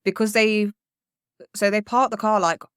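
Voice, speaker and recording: A young woman tells a story on a podcast in easy, chatty fashion, lively and quick to swear. Her voice sits at a middling pitch. The sound is close and dry, with no room around it. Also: smooth, no echo. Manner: chatty, animated, swears freely. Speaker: podcast co-host. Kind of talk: casual storytelling chat.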